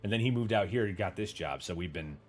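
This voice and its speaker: Deep-voiced and animated, this podcast host talks at a quick pace while faint music plays in the background. He keeps a casual livestream chat going with rambling, casually profane stories and responses to viewer comments.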